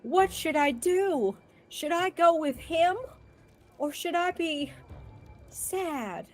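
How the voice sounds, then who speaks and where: A woman's voice: very high-pitched, lively intonation, slow, soft background music, pitched above the performer's own voice, exaggerated voice. A woman doing a melodramatic young bride.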